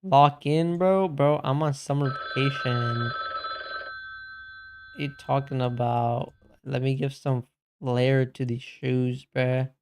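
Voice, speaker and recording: A man's voice: mid-range voice, fairly even intonation, takes it slowly, smooth. A young man streaming games, chatting casually with his chat and reading messages aloud, laid-back and saying "bro" a lot. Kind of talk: casual live-stream chat while gaming.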